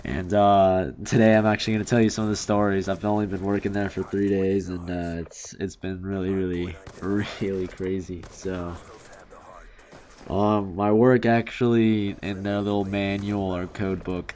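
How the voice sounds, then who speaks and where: A man's voice: low voice, a little mellow. A young man telling stories in a casual, rambling commentary, full of fillers and restarts. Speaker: commentary youtuber. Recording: faint background noise.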